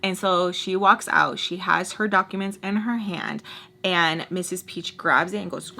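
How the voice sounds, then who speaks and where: A young woman vlogger telling a dramatic storytime while doing her makeup, chatty and animated, full of "like" and "y'all". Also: medium pitch, normal speed, slight background noise. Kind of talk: casual storytelling.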